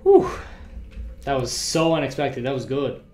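A man's voice: medium pitch, a little slow. Joking gamer man in an echoey room. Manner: jokey, with loud startled outbursts. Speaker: gamer playing a horror game. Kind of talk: let's play commentary with read-aloud story text.

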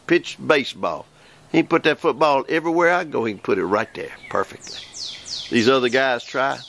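Folksy sixties preacher with gravelly voice. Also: male voice, medium pitch, fairly bright tone. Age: 60s. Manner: folksy, drawling, slows down to read scripture. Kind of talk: folksy sermon reading scripture.

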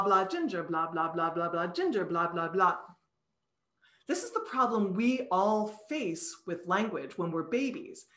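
A woman's voice: medium pitch, fairly bright tone, reverberant. A woman, a psychology professor, giving a talk over a video call and explaining ideas patiently, sounding out syllables as examples. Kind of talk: recorded online lecture.

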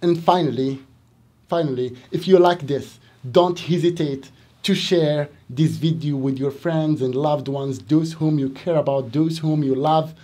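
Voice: medium pitch, steady tone, measured pace, dark tone. An English teacher with a Moroccan accent giving a lesson to Arabic speakers, repeating words and stressing them theatrically.

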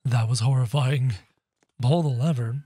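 A man doing excitable, jokey game commentary, yelping and shouting as he plays. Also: medium pitch, unhurried, over music. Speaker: gaming channel host. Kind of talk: game commentary, playing in character.

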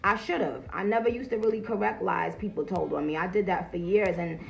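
A woman ranting casually and profanely on a live stream, animated and laughing, getting loud at her peaks. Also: mid-range voice, brisk, creaky, dull audio.

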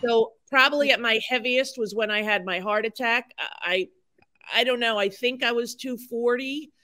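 A woman's voice: on the high side, moderate pace, sharp tone. A woman in her sixties, a podcast guest talking candidly and frankly, chatty and self-deprecating with lots of fillers. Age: 60s. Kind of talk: candid conversational storytelling.

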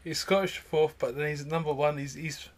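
A man's voice: on the high side, steady tone, moderate pace. A tipsy man co-hosting a podcast, throwing in jokey, silly asides. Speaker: podcast co-host. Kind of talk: casual boozy banter.

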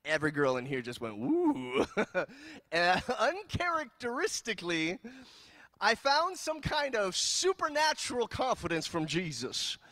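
Lively, high-pitched joking pastor. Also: male voice, a little slow, no echo. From California. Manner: animated, joking storyteller. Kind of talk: sermon. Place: church.

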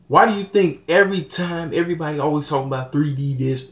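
The speaker is a young man venting to his channel's audience in a blunt, preachy vlog, with laughing asides mixed in. His voice is a little high and fast, hardly pausing, and it echoes as if in a large room.

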